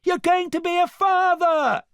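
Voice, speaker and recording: A man's voice: mid-range voice, wildly swooping pitch, normal speed, vocal fry, no room sound, studio quality, voice pushed up, heavily acted. A man voicing an earnest young princess who speaks with urgent emotion. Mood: shouting.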